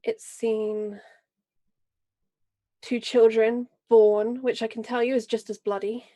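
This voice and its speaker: A woman's voice: fairly high pitch, level tone. A woman playing a proud, vengeful noble lady. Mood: grave storytelling. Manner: grave, measured and forceful. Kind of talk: in-character role-play speech.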